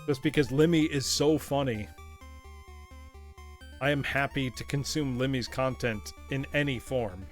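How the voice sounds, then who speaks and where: A man's voice: medium pitch, unhurried, pauses often, soft background music. A man streaming a retro game live, chatting playfully with his viewers and laughing often. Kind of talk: live gaming commentary.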